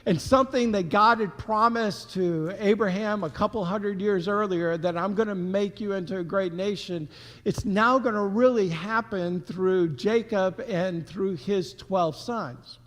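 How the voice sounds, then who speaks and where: A man preaching a sermon as pastor, telling the story in a conversational, animated way with casual slang. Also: sits high, a little slow, in a large hall. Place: church sanctuary.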